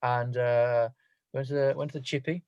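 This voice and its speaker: A young man, co-hosting a podcast, animated and cutting in on his friends. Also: mid-range voice, normal speed, dull audio, a little hiss or hum. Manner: animated, talks over others. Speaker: podcast co-host. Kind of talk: casual banter.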